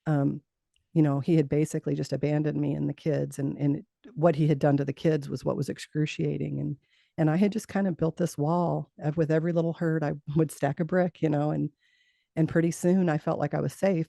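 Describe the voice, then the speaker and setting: A middle-aged woman recounting her own experience as an interview guest, her voice mellow and edged with gravelly fry. She speaks earnestly, laughs often and stumbles over repeated words. The sound is close and dry. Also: deep voice, steady tone, a little fast, dry recording. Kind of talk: personal storytelling in an interview.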